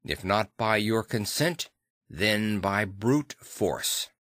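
A man's voice: on the low side, animated, slow, no room sound, studio quality. A man voicing a stern middle-aged lawyer demanding entry at a locked door. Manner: stern, forceful.

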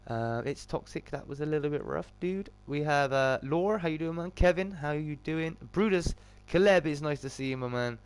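A man hosting a live game stream, greeting viewers by name in a loud, excitable way with sudden jumps in pitch. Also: normal speed, hardly any pauses, smooth. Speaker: gaming streamer.

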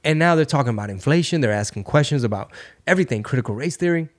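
A man hosting a podcast in loose, profane casual chat. His voice sits at an ordinary middle pitch, and he keeps riffing, sliding into quick mock voices for his bits. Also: lively intonation. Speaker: podcast host and comedian.

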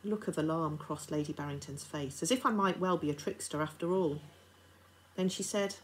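A teacher with a voice low for a woman reads a children's novel aloud to her class at normal speed, her narration steady and expressive. The audio quality is poor, with a faint hiss running underneath.

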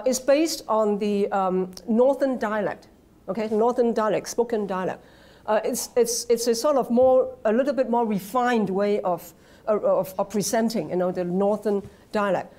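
A woman with a Hong Kong accent giving an academic lecture, halting with many fillers and restarts, often checking with the audience. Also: medium pitch, darkish tone. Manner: conversational, asks the audience "right?". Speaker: guest lecturer. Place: lecture hall.

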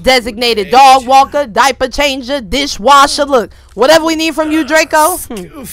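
A young woman casually commenting on her gameplay for viewers, excitable and quick to exclaim, with a lot of casual slang. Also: sits high. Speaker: game streamer.

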